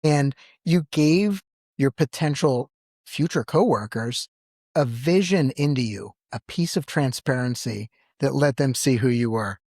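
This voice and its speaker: Male podcast co-host, paramedic, lively storyteller, dry close-miked sound. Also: a little slow, dry recording. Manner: animated storyteller, acts out quotes with big pitch jumps. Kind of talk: storytelling in casual podcast chat.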